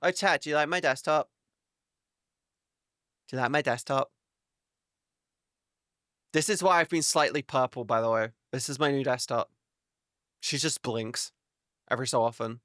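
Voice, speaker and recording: A man's voice: medium pitch, steady tone, normal speed, long pauses, fairly bright tone, no echo, studio quality. A man chatting casually on a live stream, rambling and swearing freely as he talks to his viewers.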